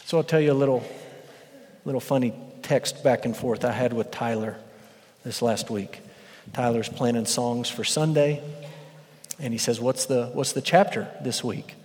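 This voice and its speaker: A man preaching an expository sermon as pastor, animated and building to shouts for emphasis. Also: medium pitch, normal speed. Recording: long reverb of a large hall.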